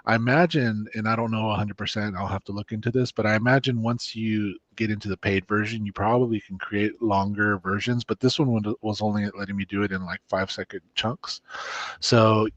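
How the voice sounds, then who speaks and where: Low-voiced man, casual software demo. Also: steady tone, brisk, dry recording, lo-fi sound. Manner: rambling, restarts, lots of um. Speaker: co-host demoing software. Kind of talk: casual screen-share chat.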